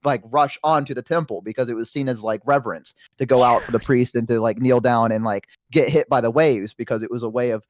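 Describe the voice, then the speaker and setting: A man guest on a chat stream, telling a long story in an animated, rambling way, acting out voices. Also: medium pitch, a little fast, hardly any pauses, slight background noise. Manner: rambling, self-conscious asides.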